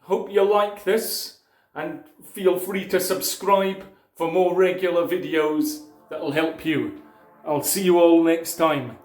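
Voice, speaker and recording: Slow, measured man in an echoey room. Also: fairly high pitch, steady tone, darkish tone, faint music behind. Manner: measured, explanatory, with restarts. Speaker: YouTube presenter. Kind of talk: casual advice talk to camera.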